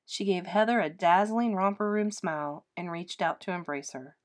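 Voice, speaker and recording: A woman narrating a children's ghost story aloud in an expressive, gently paced read-aloud style. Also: fairly low pitch, moderate pace, few pauses.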